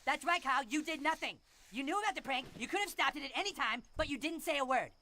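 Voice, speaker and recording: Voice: high voice, expressive, quick pace, sharp tone, a little hiss or hum, heavily acted. An actor voicing a scheming, bossy schoolboy in a cartoon, whiny and sanctimonious. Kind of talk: animated cartoon voice acting. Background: music.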